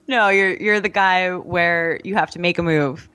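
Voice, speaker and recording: A woman guest in a candid, casual conversation, frank and quick-witted with laughing asides. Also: fairly low pitch, pushed and bright. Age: adult.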